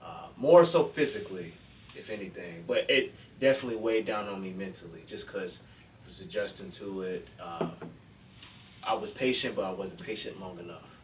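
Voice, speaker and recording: A man with a low voice speaks haltingly in casual podcast chat, full of fillers and repeats. He sounds roomy and set back from the mic. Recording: roomy, distant mic with faint noise.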